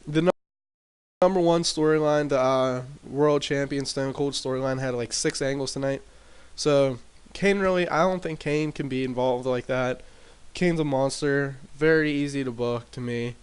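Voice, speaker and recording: A man casually recapping his wrestling sim game in a rambling way, with lots of fillers and restarts, talking into a desk mic turned up loud. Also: medium pitch, moderate pace, clear, resonant tone. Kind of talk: casual commentary over gameplay. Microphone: desk mic with boosted gain.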